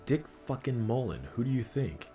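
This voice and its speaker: A man's voice: medium pitch, sing-song, normal speed, dark tone, faint music behind, natural voice. Man doing a dry, exasperated cop partner. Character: dry, impatient middle-aged male detective partner.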